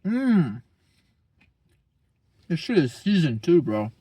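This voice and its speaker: A man's voice: on the high side, big pitch swings, slow pace, mellow, husky, no room sound. A young man talking casually as a vlogger, rambling and profane, full of slang. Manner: slangy, profane, rambling, keeps saying bro.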